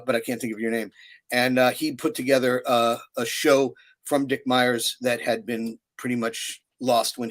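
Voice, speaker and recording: A man in his sixties talks loosely in an interview. His stories wander and restart, full of fillers, yet stay animated throughout. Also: medium pitch. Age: 60s. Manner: rambling, animated storyteller with many fillers. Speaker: puppeteer guest. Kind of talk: casual interview chat.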